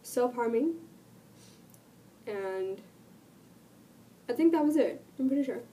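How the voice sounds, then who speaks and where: A woman vlogging while sick, her voice cracking and dropping out, talking earnestly and rambling with many pauses. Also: on the high side, expressive, mellow, recorded from a distance, a little hiss or hum. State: sick, voice cutting in and out. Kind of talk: casual talk to camera.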